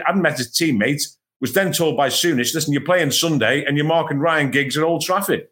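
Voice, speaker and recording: Middle-aged guy from england spinning football yarns, bit higher voice, keeps restarting. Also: moderate pace, hardly any pauses. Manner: anecdotal, animated, lots of restarts. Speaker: podcast co-host and former footballer. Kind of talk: casual chat, storytelling.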